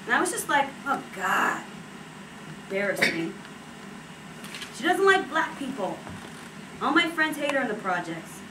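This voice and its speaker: A woman's voice: high-pitched, a little slow, pauses often, recorded from a distance. A woman playing a blunt, wry young woman. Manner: wry and matter-of-fact, turns somber. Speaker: actress performing a monologue. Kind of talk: stage monologue based on an interview. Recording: echoey stage recorded from afar, steady noise.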